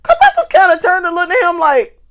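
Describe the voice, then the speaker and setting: High, lively woman telling a story. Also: fast talker. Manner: animated, laughing storyteller; talks straight to viewers. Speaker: vlogger. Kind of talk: casual storytelling to camera.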